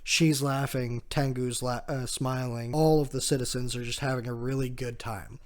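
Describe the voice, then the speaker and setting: A man co-hosting a podcast, recapping a comic chapter in a chatty, casual way with quick laughs. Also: mid-range voice, fairly even intonation. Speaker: podcast co-host.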